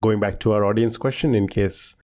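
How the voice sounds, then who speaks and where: A man's voice: lowish voice, fairly even intonation, brisk, a little mellow. A man hosting a quiz show in casual chat, patiently giving clues and laughing often. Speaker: quiz host.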